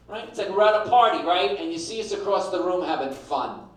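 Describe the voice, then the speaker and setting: A man's voice: on the high side, a little fast, heavy reverb, distant mic, background noise. A middle-aged man doing a stand-up comedy set, brash and punchy, acting out voices. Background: audience laughter.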